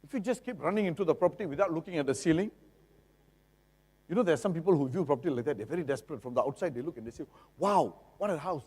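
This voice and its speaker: A middle-aged man with a Singaporean English accent gives a lively, jokey seminar talk, often asking the audience rhetorical questions. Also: on the high side, very fast, husky. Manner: jokey, acts out buyers and sellers. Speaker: lawyer giving a seminar talk. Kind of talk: seminar lecture. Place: seminar hall. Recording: long reverb of a seminar hall.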